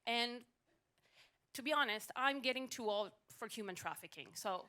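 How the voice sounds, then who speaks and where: A woman telling a funny personal story on stage at a live storytelling event, animated with wry timing, into a stage mic. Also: a little high, moderate pace, slight background noise.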